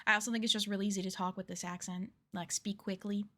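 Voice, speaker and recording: A woman's voice: medium pitch, steady tone, fast, fairly bright tone. A woman streamer in casual livestream chat while playing a game, chatty, giggly and self-deprecating.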